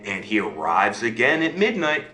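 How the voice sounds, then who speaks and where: A man telling a fairy tale to listeners in an animated way, often checking in with them as he goes. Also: on the low side, normal speed, echoey room, soft background music. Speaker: storyteller.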